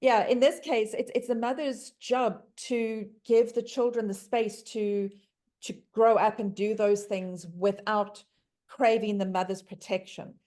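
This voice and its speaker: A woman's voice: medium pitch, fairly even intonation, unhurried, mellow. A middle-aged woman, a mother and podcast guest, telling family stories in casual chat with stammered restarts. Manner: rambling storytelling, frequent restarts and stammers.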